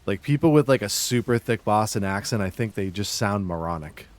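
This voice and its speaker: A man from Massachusetts chatting casually on his livestream, halting and restarting often as he talks. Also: lowish voice, lively intonation. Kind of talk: casual stream chat.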